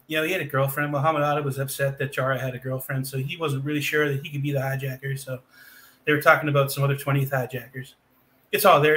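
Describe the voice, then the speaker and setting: A man's voice: medium pitch, a bit bright. A man from Boston co-hosting a casual podcast, talking in long, rambling stretches full of fillers and restarts. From Boston, USA. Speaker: podcast co-host.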